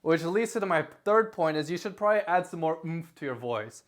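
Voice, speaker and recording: A young man talks straight to his camera indoors, rambling through tips and correcting himself as he goes. His voice sits a little high for a man, and his volume rises and falls as he gestures. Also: fairly quick. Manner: rambling, self-correcting, lively delivery with varied loudness; gesturing with his hands while talking. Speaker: YouTuber giving tips. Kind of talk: casual talking-head advice vlog. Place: indoor room, recording himself. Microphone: camera facing him.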